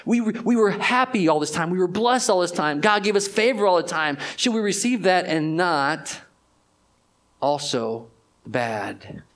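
A pastor giving a conversational sermon to his church, moving between loud emphasis and hushed, drawn-out phrases. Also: high voice, expressive.

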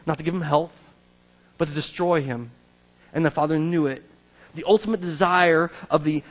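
A male pastor preaching a sermon to a church, animated, acting out the Bible's voices. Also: fairly high pitch. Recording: long reverb of a large hall.

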